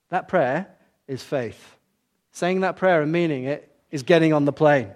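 A man's voice: on the high side, unhurried, a little mellow. An older man preaching a sermon in an earnest way, with repeated emphasis. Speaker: pastor.

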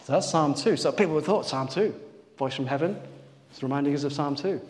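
A man's voice: a little high, fast, long reverb tail. A man preaching a sermon to his congregation, asking them questions and calling on people by name.

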